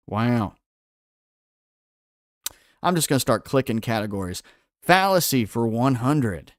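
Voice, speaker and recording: A man's voice: medium pitch, no echo, studio quality. A man hosting a quiz-style livestream, putting questions to his viewers and reading out their answers from the chat. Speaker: livestream host.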